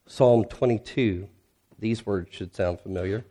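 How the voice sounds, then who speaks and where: A man's voice: on the low side, measured pace, long pauses, darkish tone. A male pastor preaching a sermon in a conversational way, posing rhetorical questions and reading scripture aloud with rising intensity.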